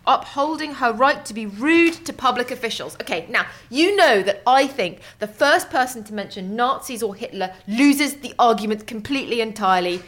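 A woman chatting on a podcast in a somewhat high voice. She is dry and teasing, gently scolding her co-host as she tells a story. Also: lively intonation, moderate pace, hardly any pauses. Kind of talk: casual banter.

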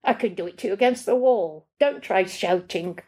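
A woman's voice: mid-range voice, normal speed, slightly rough. A woman reading aloud and voicing a spoiled, aggressive teenage boy who swears and threatens. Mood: angry. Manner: coarse, shouting, swearing.

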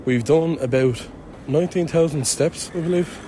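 Walking through a city, outdoors and through an airport, a young Irish podcast co-host keeps up a casual travel chat full of jokes at his own expense. His voice is on the high side but dark in tone, his speed normal, with a little hiss or hum on the recording.

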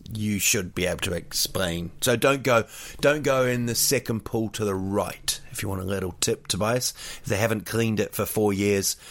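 A man from New Zealand with a New Zealand accent, chatting casually and telling rambling, jokey stories full of fillers and restarts. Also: lowish voice. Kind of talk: casual chat.

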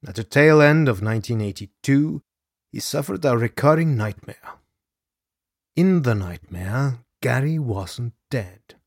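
Addressing the listener directly, a man dramatically narrates a scripted true-crime podcast. He has an expressive mid-range voice and a measured pace, with clean, dry studio sound.

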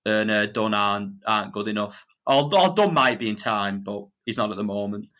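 A man's voice: fairly low pitch, animated, moderate pace, bright, forceful tone, lo-fi sound. A man, a podcast guest, talking football casually, hesitating and often asking if he makes sense. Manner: hesitant, many fillers and restarts, checks in with listeners.

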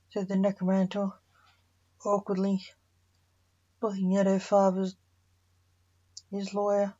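A woman narrating a story in a plain, unhurried reading. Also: medium pitch, little pitch movement, warm tone. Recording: dull lo-fi recording.

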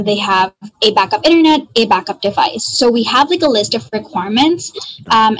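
A woman who oversees recruitment, a podcast guest, explaining her process step by step and often checking in with a quick "right?". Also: medium pitch, fairly bright tone, poor audio. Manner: explanatory, lists steps, tag questions like "right?". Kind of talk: casual interview answer.

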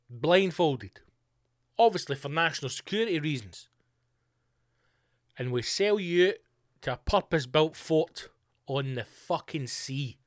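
A man hosting his own podcast, ranting hard and swearing freely. His voice sits a bit higher than most men's. He throws in sarcastic asides as he goes. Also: fairly bright tone, no echo, clean studio sound. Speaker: podcast host.

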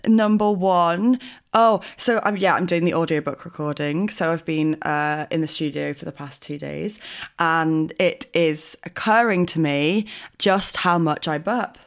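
A woman's voice: sits low, a little slow. A woman co-hosting a podcast, talking in casual chat with a self-deprecating, giggly manner and lots of fillers. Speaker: podcast co-host.

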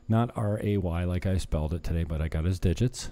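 A vlogger talks a little fast with few pauses, his voice low and dark. He rambles casually to camera, regularly cutting himself off mid-thought to laugh at his own asides.

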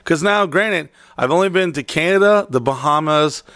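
A man's voice: fairly high pitch, normal speed, pushed and bright, no echo, studio quality. A man co-hosting a casual chat, telling travel stories with lots of swearing and jokes. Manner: profane, joking storyteller. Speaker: podcast co-host.

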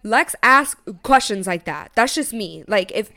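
A young woman with a smooth, clean-toned voice, chatting on a podcast. She tells the story with lots of energy, speaking both her own lines and her partner's. She swears freely and keeps saying "literally" and "girl.". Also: mid-range voice, moderate pace, hardly any pauses. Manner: animated storytelling, acts out both sides of a quarrel. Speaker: podcast co-host. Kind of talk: casual chat.

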